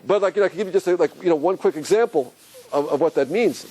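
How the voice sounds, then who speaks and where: Speaking quickly over a low-quality recording with a little hiss or hum, a man teaching as a rabbi gives a lively religious class lecture. He's animated, quizzes his audience, and lets his voice rise and fall as he explains.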